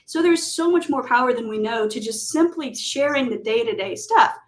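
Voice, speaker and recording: A middle-aged woman hosting a casual interview, an animated storyteller who acts out the quotes she tells. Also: a little high, moderate pace, rough recording. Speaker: business coach and host.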